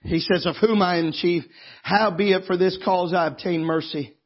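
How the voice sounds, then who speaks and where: A man preaching a sermon in church as pastor, moving from quiet scripture reading to impassioned, tearful shouting. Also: high voice, fairly even intonation, moderate pace, breathy edge. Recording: dull lo-fi sermon recording.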